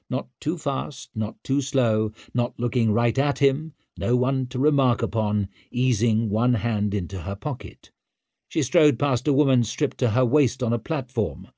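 A man reading a novel aloud as narrator, in a measured, tense manner. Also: mid-range voice, dark tone, no room sound, clean studio sound. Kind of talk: scripted audiobook narration.

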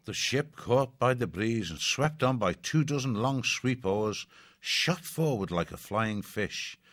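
An audiobook narrator with a mid-range voice reads an adventure story aloud in a measured, expressive way. The recording is dry and studio quality.

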